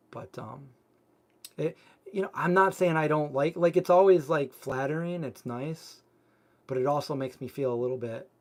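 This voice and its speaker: A man's voice: mid-range voice, a little mellow. A man hosting a cooking channel, chatting casually on a live stream and answering viewer comments in a rambling way, full of filler words. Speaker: vegan cooking channel host.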